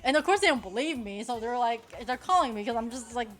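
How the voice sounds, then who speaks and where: A fairly high-voiced young woman streamer chats loosely while she plays poker. She rambles, drops "like" into everything, swears freely and laughs a lot. Soft music runs quietly underneath. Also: expressive, quick pace. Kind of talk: casual chat while playing online poker.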